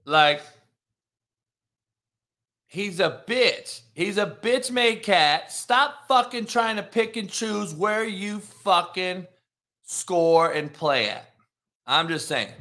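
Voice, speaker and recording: Man, sports show host, heated profane rant, high voice, bright tone. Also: lively intonation, takes it slowly, long pauses. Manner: heated, profane, swings between mutter and shout.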